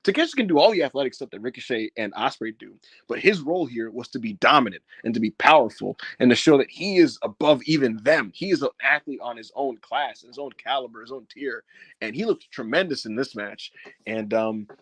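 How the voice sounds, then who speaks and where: A man's voice: medium pitch, animated, fairly quick, a bit bright, breathy edge, dry recording. A man co-hosting a wrestling podcast, giving a casual, profane review, laughing often and acting out what people said. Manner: profane, laughing, acts out quotes.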